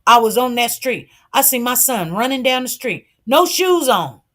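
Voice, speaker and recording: A woman commentator with a fairly high voice talks straight to her livestream viewers. She tells her story in an animated, repetitive way and acts out the dialogue. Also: normal speed. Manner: animated, repeats herself, acts out quoted dialogue; addresses viewers directly.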